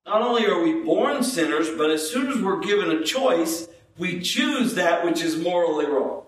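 A man preaching a sermon as pastor, slow and emphatic, repeating phrases for stress. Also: sits high, lively intonation. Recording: echoey room, distant mic.

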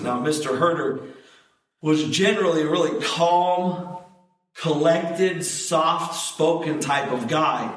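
Man preaching, storyteller, slightly high voice, very echoey hall, mic a bit far off. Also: slow pace. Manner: storytelling, animated, acts out quoted voices. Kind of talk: sermon.

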